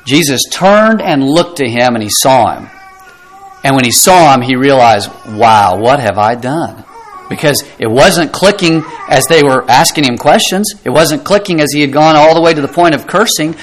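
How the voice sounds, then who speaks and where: A man's voice: a little high, animated, moderate pace, rough recording. A middle-aged man preaching a sermon, earnest and emphatic, asking rhetorical questions and dropping his voice for effect. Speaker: pastor.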